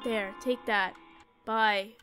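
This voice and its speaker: A young woman giving excitable, dramatic let's play commentary, quick to panic and joke. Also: medium pitch, soft background music. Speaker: gaming YouTuber.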